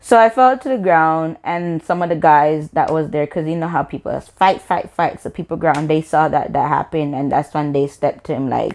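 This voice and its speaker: A young woman telling a storytime vlog, animated and emphatic, slipping into patois. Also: low-pitched, moderate pace, few pauses. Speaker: vlogger.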